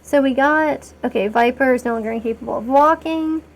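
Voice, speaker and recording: High-pitched woman streaming a game, rambly and chatty, pokes fun at herself, gets excitable. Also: fairly quick. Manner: rambling and chatty, talking to chat while playing; self-mocking and excitable. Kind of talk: casual live-stream commentary.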